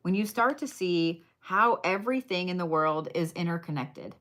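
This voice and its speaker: A woman's voice: fairly low pitch, animated, moderate pace, fairly bright tone. A woman doing a casual livestream card reading, blunt, chatty and full of swearing as she talks to viewers.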